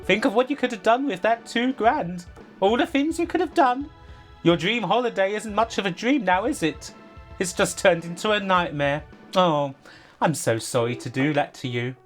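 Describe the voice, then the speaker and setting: A woman's voice: mid-range voice, expressive, moderate pace, faint music behind, voice pushed up, lightly acted. Smug male finance pundit, preachy and gloating, played by a woman streamer. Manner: gloating, mock-sympathetic. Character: smug male money-saving TV expert, preachy.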